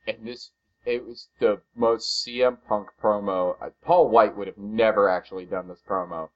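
Podcast co-host, man, animated casual chat, lo-fi muffled sound. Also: on the low side. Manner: animated, quick to exclaim, acts out quotes.

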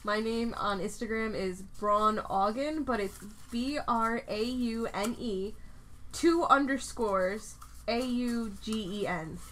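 A woman chats on a casual podcast with friends, blunt and fond of swearing. Her voice has a bright, forward edge. A faint background hiss sits under it. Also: on the high side, slow pace. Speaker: podcast co-host. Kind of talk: casual chat.

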